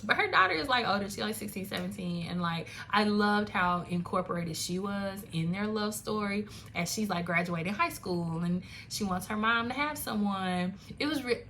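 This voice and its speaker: A young woman chatting into a phone camera at home, lively and loose, full of "like" and "y'all" asides. Her voice is bright and forward. A faint room hum sits behind her. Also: mid-range voice, normal speed, few pauses. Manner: chatty, animated, laughing asides, lots of "like" and "y'all". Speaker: book reviewer. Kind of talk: casual chat.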